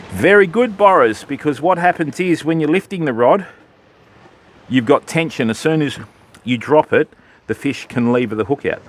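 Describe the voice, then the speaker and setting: A man's voice: medium pitch, lively intonation, brisk, a little hiss or hum. An Australian man chatting casually with viewers on a live fishing stream from an outdoor beach. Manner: chatty, matey, answering viewers.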